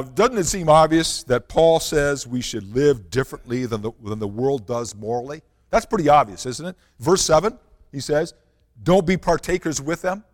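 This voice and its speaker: A man's voice: mid-range voice, long reverb tail. A man preaching a sermon, reading scripture and asking the congregation earnest rhetorical questions. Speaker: pastor.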